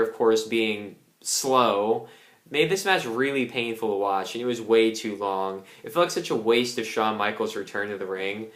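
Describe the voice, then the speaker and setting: This wrestling reviewer is a young man whose voice sits mid-range with a fairly bright tone. He's casual, angry, and swears constantly as he rants, and the room gives off an echo.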